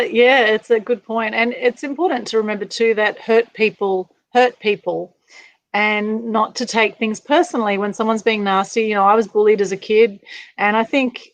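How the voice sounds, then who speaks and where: A woman's voice: on the high side, steady tone, moderate pace, no echo, low-quality recording. Effusive woman host on a video call. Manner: effusive, gushing with praise, rambling. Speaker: interviewer, host. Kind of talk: casual interview over video call.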